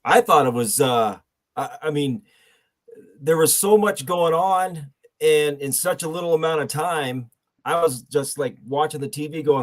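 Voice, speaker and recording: A man co-hosting a wrestling podcast, talking enthusiastically with halting restarts. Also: fairly high pitch. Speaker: podcast co-host. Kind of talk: casual chat.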